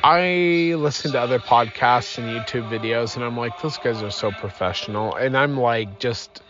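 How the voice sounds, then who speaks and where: A man's voice: medium pitch, moderate pace, lo-fi sound, over music. A man hosting a podcast from inside his car, sleepy and yawning, rambling and self-deprecating with many fillers. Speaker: podcast host. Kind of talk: casual rambling podcast talk.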